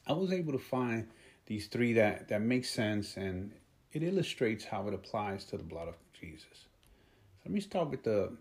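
A man preaches a sermon in a low, gravelly voice. He talks slowly and haltingly, often repeating his words as he goes. Now and then he chuckles at himself. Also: darkish tone.

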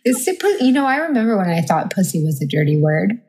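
A woman's voice: mid-range voice, sing-song, fast, darkish tone, husky. A woman from Montauk co-hosting a podcast, chatting in crude, giggly banter. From Montauk, New York. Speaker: podcast co-host. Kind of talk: casual chat.

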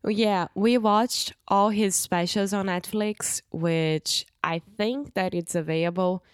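A woman's voice: medium pitch, fairly even intonation, slow pace, clear, resonant tone, dry recording, studio quality. A Brazilian woman with a Portuguese accent, co-hosting a casual podcast in English, enthusiastic and sometimes searching for the right word. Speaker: podcast co-host. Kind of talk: casual chat.

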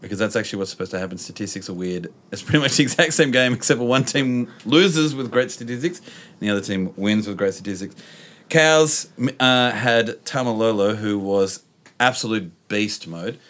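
A man's voice: on the low side, moderate pace. An Australian man hosting a casual sports chat, telling stories with lots of laughter. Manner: animated storyteller, laughs often. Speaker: podcast host.

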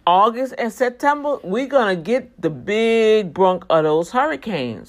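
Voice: mid-range voice, very animated, measured pace, hardly any pauses. A vlogger talking casually to regular viewers, emphatic and preachy, with prayerful asides. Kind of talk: casual monologue with urgent warnings.

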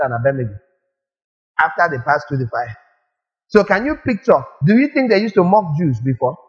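A male preacher giving a lively sermon, firing rhetorical questions at the congregation and acting out little scenes. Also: fairly high pitch, dull audio.

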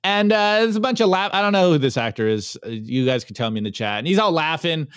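A man hosting a solo podcast, reading memes aloud and rallying listeners, swinging from fired-up calls to low, earnest asides. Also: lively intonation, fast talker, fairly bright tone, clear, resonant tone, no echo, clean studio sound. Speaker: podcast host.

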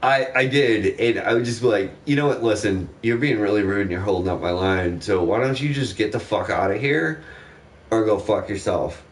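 A young man in casual chat, telling a profane, animated story about a rude customer. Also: on the low side, moderate pace, recorded from a distance.

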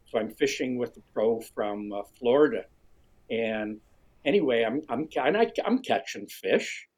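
Husky man spinning a yarn. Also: normal speed, rough recording. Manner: animated storyteller, restarts often, jumps high when quoting others. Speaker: guest, fishing writer. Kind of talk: storytelling conversation.

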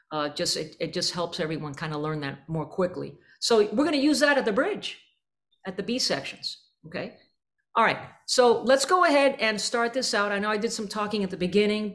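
A woman coaching a student band in a rehearsal room. She explains articulations with vivid images and sings short syllables to show the sound she wants. Her voice sits in a middle pitch. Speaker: band clinician.

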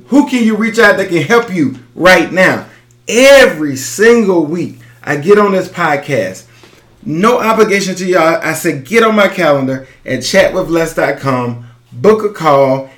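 Guy doing a motivational podcast talk, really urgent, hammers the same phrases, slow, kinda high voice. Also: a bit bright, echoey room. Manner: urgent, emphatic, repeats key phrases. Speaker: podcast host and business coach.

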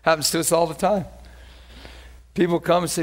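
Animated high-voiced male preacher. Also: normal speed, pauses often. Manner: animated, conversational, laughing asides. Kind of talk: sermon.

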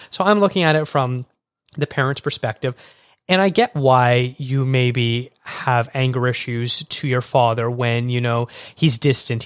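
A man's voice: mid-range voice, dry recording, clean studio sound. A man casually reviewing a film in conversation, talkative and full of fillers and restarts.

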